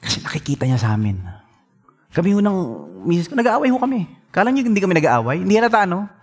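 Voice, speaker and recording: A man's voice: high voice, big pitch swings, very fast. A middle-aged man with a Filipino accent, preaching a sermon. He switches between languages and acts out quoted dialogue.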